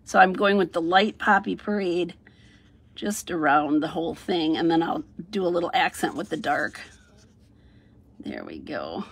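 Chatty woman demonstrating a craft, husky voice. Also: fairly low pitch, fairly even intonation, normal speed. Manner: chatty, thinks aloud, sing-song "ta-da" while working. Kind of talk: casual craft tutorial narration.

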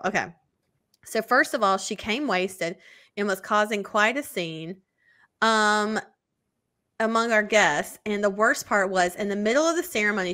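Reading listener emails on a casual podcast she co-hosts, a woman speaks frankly and swears freely. Her voice is bright and forward, pitched in the middle.

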